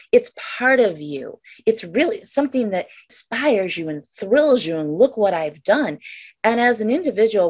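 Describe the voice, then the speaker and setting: An enthusiastic female interview host speaks with a lively, swooping pitch. She sides with her guest eagerly and lands her points with emphasis. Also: husky. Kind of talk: conversational interview.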